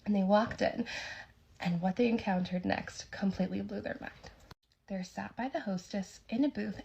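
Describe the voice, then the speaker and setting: A young woman narrating a spooky true story in a casual, animated, dramatic way. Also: medium pitch, normal speed, creaky, rough recording.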